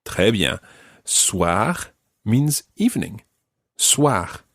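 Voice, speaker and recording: Scottish man, language teacher, low husky voice, dry close studio sound, patient. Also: very animated, fairly bright tone, no room sound. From Scotland. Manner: patient, slow careful modelling of words. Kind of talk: podcast language lesson.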